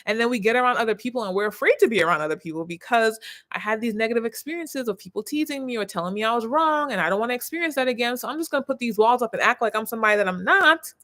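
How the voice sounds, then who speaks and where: Speaking very fast in a slightly high voice, a personal branding coach in her thirties addresses her live stream audience. She's expressive, her volume shifting between soft and loud.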